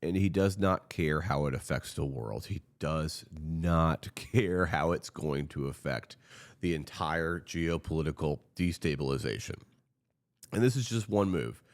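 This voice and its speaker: A man's voice: very deep voice, unhurried. A man giving impassioned political commentary, earnest and frustrated, pleading directly with his viewers.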